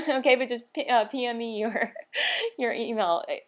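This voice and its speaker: A tired woman hosts her knitting vlog in a loose, chatty way. She trails off, fills pauses with "um" and laughs at her own slips, always sounding a bit scatterbrained. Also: fairly high pitch, a bit bright. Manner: scatterbrained, rambling with fillers and laughs. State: tired, short on sleep. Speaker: knitting podcast host. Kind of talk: casual vlog chat.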